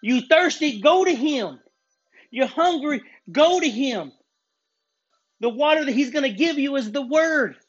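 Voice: high-pitched, dull audio. A preacher giving an informal, earnest sermon full of gym talk, often restarting sentences.

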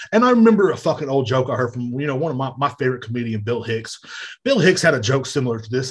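Profane, husky-voiced man ranting. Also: mid-range voice. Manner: loud, profane, exasperated ranting. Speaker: podcast host. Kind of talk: profane comedic rant. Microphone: podcast mic.

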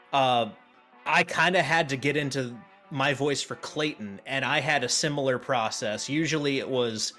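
A man's voice: mid-range voice, a bit bright. A man hosting a podcast in casual chat, talking with frequent restarts and fillers. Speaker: podcast host.

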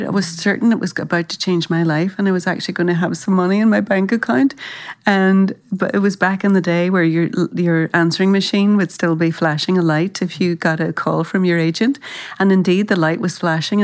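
An Irish woman, an actress, telling career anecdotes in a thoughtful interview, often restarting her sentences. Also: lowish voice. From Ireland. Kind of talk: reflective interview storytelling.

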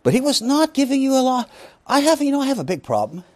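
A man's voice: very high-pitched, big pitch swings, quick pace, a little mellow, no room sound. A man preaching a Bible lesson, emphatic, asking rhetorical questions and making joking asides. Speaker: pastor teaching a Bible study. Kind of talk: sermon.

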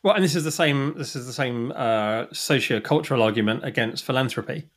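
A man's voice: medium pitch, brisk, a bit bright. A man talking casually as a podcast guest, chatty and self-deprecating, often restarting his sentences. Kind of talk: casual conversation.

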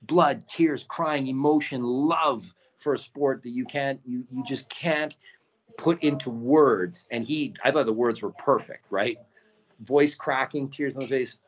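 A man talking as a podcast guest and documentary producer, telling stories in a casual, animated way and acting out quotes, with many "right?" tags. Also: mid-range voice, measured pace. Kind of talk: casual storytelling. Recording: dull lo-fi audio.

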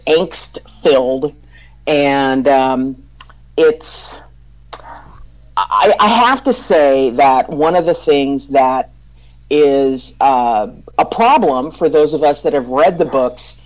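A woman co-hosting a podcast, talking slowly in casual discussion, hesitant with many ums and restarts. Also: rumbling low, a little mellow, rough recording. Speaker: podcast co-host.

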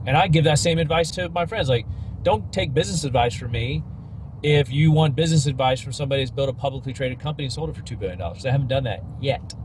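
A man's voice: medium pitch, fast talker, darkish tone, slight background noise. A man hosting a podcast, giving a blunt, emphatic and slangy motivational rant. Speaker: podcast host.

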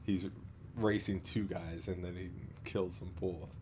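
Over a noisy background, a man co-hosting a podcast talks loosely in a deep voice with fairly even intonation. He rambles and stalls, full of fillers and restarts, and laughs often.

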